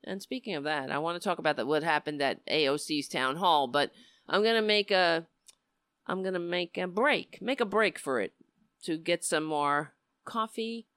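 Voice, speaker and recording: A woman's voice: on the low side, normal speed, fairly bright tone, smooth, no room sound, clean studio sound. Emotional rambling woman talk host. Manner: emotional, rambling, trails off and restarts. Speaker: host of a political talk show. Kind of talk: casual livestream commentary.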